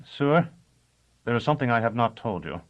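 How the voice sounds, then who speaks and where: A man's voice: mid-range voice, big pitch swings, normal speed, muffled recording, pitched above the performer's own voice, natural voice. A man doing an eager, deferential young executioner. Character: young exiled male executioner, earnest and deferential.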